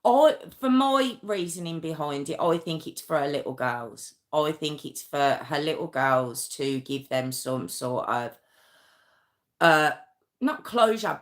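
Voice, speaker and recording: A woman telling a true crime story on a casual live stream at home, chatty and rambling, with asides and restarts. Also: low-pitched.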